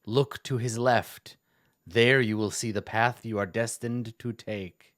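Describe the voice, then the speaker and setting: A man putting on a slow mysterious wizard voice. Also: mid-range voice, fairly even intonation, dry recording, clean studio sound, lightly acted. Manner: slow, portentous delivery.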